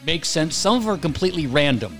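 A male podcast host in casual chat, talking in an animated way with many repeated words and restarts. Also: a little high, fast talker, soft background music. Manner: animated, repetitive, stumbling restarts.

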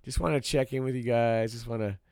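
A man's voice: mid-range voice, steady tone, a little fast, darkish tone, no echo, studio quality. A man hosting his own podcast, telling a story as a casual rant, repeating himself for emphasis and talking straight to his listeners. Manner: talks straight to listeners as y'all. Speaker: podcast host.

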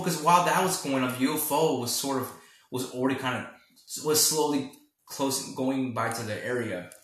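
A man with a somewhat high, bright voice hosts a casual podcast, animatedly retelling a film he's reviewing. He laughs often and fills his speech with fillers, and the room is very echoey.

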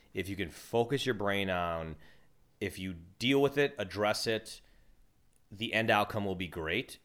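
Man, young adult, casual chat, very low pitch, bright tone, loose rambling delivery. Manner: rambling, easygoing, restarts sentences. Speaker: co-host, father.

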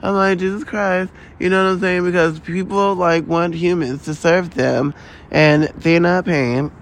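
A man with a fairly high voice delivers a rambling solo podcast monologue. He rants in a loose, profane, exasperated way, stacking asides as he goes. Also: steady tone, unhurried. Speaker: podcast host.

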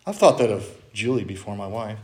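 A man's voice: on the low side, sing-song, a little fast, a little mellow. A middle-aged man, a pastor, preaching a sermon in a chatty way and putting questions to his congregation. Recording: echoey church room.

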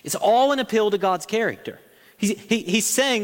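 A man's voice: high-pitched, lively intonation, moderate pace, long reverb tail. A man preaching a sermon as pastor, earnest, his voice rising to stress each point.

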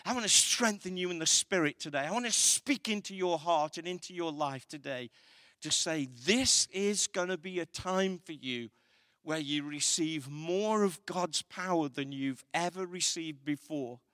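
A man's voice: a little high, unhurried, sharp tone, no room sound, studio quality. A man preaching a sermon as pastor, building to emphatic, repeated declarations. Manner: preaching with rising intensity, emphatic repetition.

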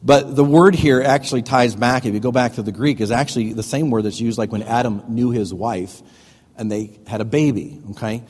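A man's voice: mid-range voice, a little fast, darkish tone, in a large hall. A middle-aged male pastor preaching a sermon in a folksy, joking way, laughing at his own stories.

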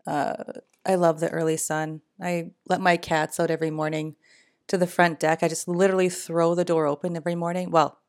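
A middle-aged woman hosts a casual solo podcast in her morning voice, which is lowish, darkish in tone, and fairly flat in pitch. She speaks fairly quickly, chatting and rambling and laughing often.

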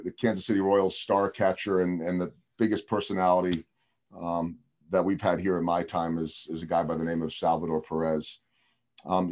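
A man's voice: low-pitched, a little mellow. A man who is a baseball broadcaster and author, telling anecdotes in a casual, storytelling way with frequent fillers. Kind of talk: casual storytelling on a video call.

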